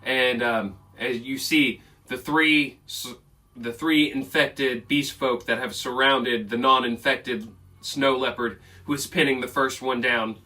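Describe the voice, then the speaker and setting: Guy game-mastering a fight scene, bright voice, kinda far off the mic, quiet music under. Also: mid-range voice, steady tone, takes it slowly. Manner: casual, loose narration with fillers. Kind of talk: narrating a tabletop game. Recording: distant mic with faint music.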